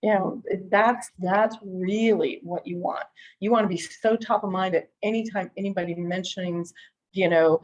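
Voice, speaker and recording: A middle-aged woman leads a real estate training in an easygoing, talkative way. She circles back, restarts her sentences and acts out the calls she describes. Her voice sits at an ordinary pitch, and the recording sounds a little dull. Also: steady tone, moderate pace. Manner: chatty, repeats and restarts, acts out quoted callers. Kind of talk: conversational training talk.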